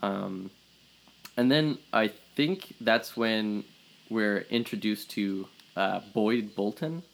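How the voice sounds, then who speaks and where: A man's voice: fairly low pitch, slow, vocal fry, poor audio. A man co-hosting a casual movie review podcast, recapping the plot in a rambling way with lots of fillers. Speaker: podcast co-host.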